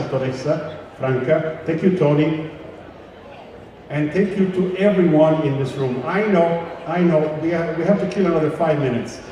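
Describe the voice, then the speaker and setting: A chatty man emceeing a live gala, ad-libbing to the crowd over a PA microphone in a large banquet hall. His voice sits high. The sound is very echoey with a long reverb tail and heard from a distance, with faint noise behind. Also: mellow. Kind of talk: live event hosting and joke telling.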